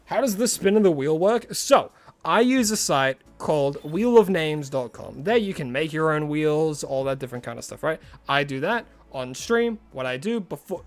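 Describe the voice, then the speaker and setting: A man streaming a game live, chatting casually with his viewers and rambling through asides. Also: on the high side. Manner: chatty, answers chat messages, rambling asides.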